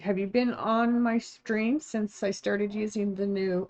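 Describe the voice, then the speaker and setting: A woman's voice: medium pitch, steady tone, unhurried. A woman chatting casually with viewers on a live stream while crafting, thanking them and reading chat. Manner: chatty, thanks viewers warmly, gets emotional and teary. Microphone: streaming setup, not phone.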